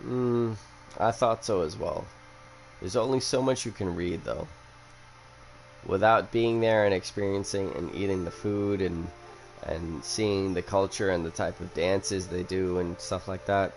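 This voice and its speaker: A man's voice: low voice, a little slow, vocal fry, a little hiss or hum. A young man hosting a casual chat, who rambles bluntly and swears a lot after a few drinks. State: has been drinking. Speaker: podcast host.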